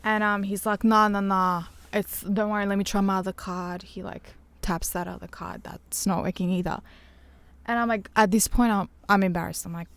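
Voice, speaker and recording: Recorded in a caravan music studio, a woman appearing as a podcast guest tells a story in casual conversation. She's animated, performing the quotes of other people, and speaks at a moderate pace in a mid-range voice.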